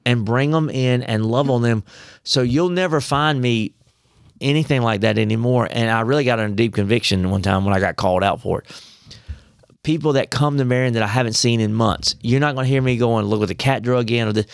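Folksy man with a gravelly voice. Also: mid-range voice, fairly quick, no echo, clean studio sound. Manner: folksy, conversational, preachy asides. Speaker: podcast co-host. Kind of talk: casual faith podcast discussion.

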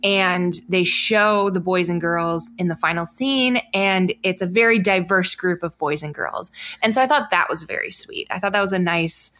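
A woman's voice: on the low side, normal speed, few pauses, sharp tone. Woman chatting about a movie, lots of likes and ums, laughs a bunch. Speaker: podcast co-host. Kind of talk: casual film review chat.

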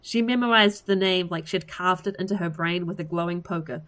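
A woman reading a fantasy story aloud in a lively way. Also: on the low side, a little fast. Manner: lively, laughs at the story between passages. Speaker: story reader.

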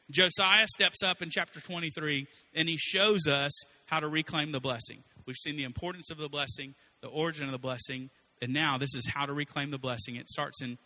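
A man preaching a sermon in a casual, conversational way, acting out quotes as he tells stories. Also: fairly high pitch. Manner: conversational, animated storytelling with acted-out quotes.

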